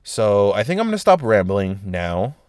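A young man rambles through his solo podcast with a low voice, swearing freely and switching topics on a whim. His delivery is loose, slangy and animated, and the recording sounds close and dry. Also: moderate pace, smooth, dry recording. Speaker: podcast host.

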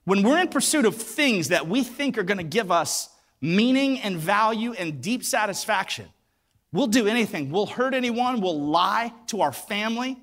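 A man's voice: high voice, animated, normal speed, a bit bright. A man preaching a sermon, retelling a story with acted voices and emphatic repetition. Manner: emphatic, repeats words for weight. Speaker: pastor.

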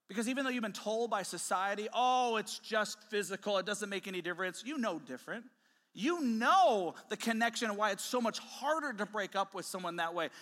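A man preaching a sermon to a congregation, lively and joking, often laughing. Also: high-pitched. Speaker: pastor. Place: church hall with a congregation. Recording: reverberant church hall.

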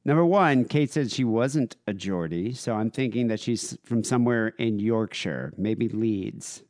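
A man's voice: lowish voice, a little slow, no echo, clean studio sound. A man co-hosting a casual podcast, reading listener emails aloud. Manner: reads emails aloud with lively, shifting delivery. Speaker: podcast co-host.

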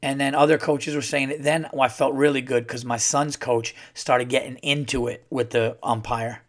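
A man hosts his own podcast solo in a casual monologue, speaking in a mid-range voice with fairly even intonation at a moderate pace. He rambles, swears, and rants in a worked-up way.

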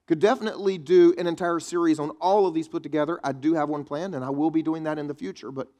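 A man's voice: a little high, fast talker, hardly any pauses, darkish tone. Conversational preacher man. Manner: conversational preaching with quips to the congregation. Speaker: pastor. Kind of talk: sermon.

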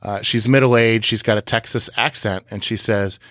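A man's voice: on the low side, steady tone, unhurried, a bit bright, no room sound. Man hosting a podcast, dry sound. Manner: recaps scenes in detail with frequent "uh" fillers. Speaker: podcast host. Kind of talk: casual episode recap.

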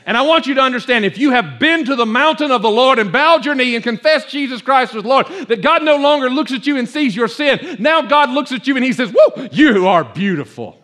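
A male pastor preaching a fervent sermon to his congregation in church, repeating phrases and building to near-shouts. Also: very high-pitched, fairly quick, few pauses.

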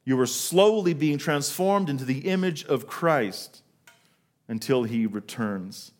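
A middle-aged man preaching a sermon to a congregation, telling a story from his own working life and slowing down to stress key words. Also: mid-range voice, expressive, a little mellow. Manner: storytelling, asks the congregation questions, slows for emphasis. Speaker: pastor.

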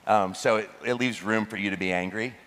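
A man preaching a sermon as pastor, animated, with joking asides and laughter. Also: on the low side, fairly quick. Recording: long hall reverb.

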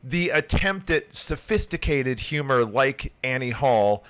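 A man's voice: mid-range voice, lively intonation, unhurried, fairly bright tone, smooth. A man co-hosting a casual film podcast, laughing often as he jokes about a movie. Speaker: podcast co-host. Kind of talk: casual film-review chat.

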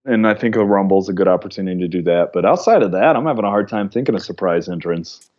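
A man as a podcast guest, talking casually in a relaxed way and laughing often. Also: deep voice, fast talker. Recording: dull lo-fi mic.

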